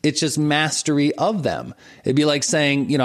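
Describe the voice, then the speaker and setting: Animated man in his forties explaining. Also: fairly high pitch, moderate pace. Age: 40s. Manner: animated, teaching with examples and frequent laughs. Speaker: martial arts and meditation teacher, guest. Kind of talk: explanatory interview talk.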